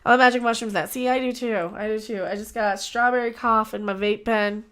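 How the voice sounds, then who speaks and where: A woman's voice: a little high, steady tone, fairly quick, a bit bright, clear, resonant tone. A young woman hosting a casual livestream, rambling and chatty, often trailing off and restarting. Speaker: livestream host.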